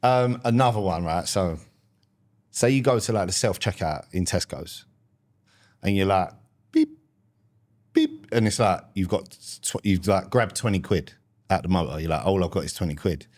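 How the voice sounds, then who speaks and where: A man's voice: deep voice, normal speed, darkish tone. A young man, hosting a casual comedy podcast and telling everyday stories in a laid-back way, full of slang. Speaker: podcast host.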